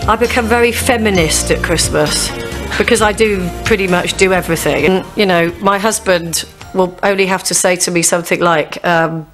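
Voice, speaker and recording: A woman's voice: mid-range voice, steady tone, normal speed, soft background music. Exasperated middle-aged woman ranting. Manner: exasperated, acts out rants. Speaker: interviewee. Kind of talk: casual chat.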